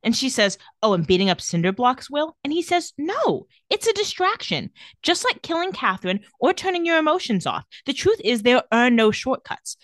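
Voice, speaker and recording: A woman's voice: sits high, very animated, moderate pace, no echo, clean studio sound. A young adult woman co-hosting a casual podcast, retelling TV scenes and acting out the characters' lines in playful voices. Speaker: podcast co-host recapping a TV episode. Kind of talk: casual chat.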